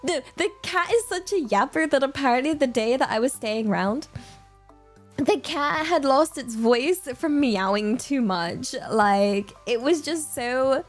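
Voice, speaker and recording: A young British woman talks casually to her stream, rambling along with plenty of "like"s and easy laughter. Her voice sits a little high for a woman. Soft music plays faintly underneath. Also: animated, a little slow. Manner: rambling and chatty, full of filler words and laughter. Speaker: livestreamer.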